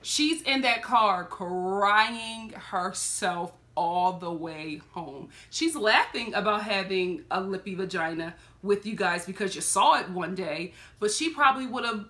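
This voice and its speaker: A woman from Philadelphia telling a story in a casual reaction vlog, animated and laughing often. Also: mid-range voice, measured pace, hardly any pauses. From Philadelphia, USA. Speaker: reality TV reaction vlogger.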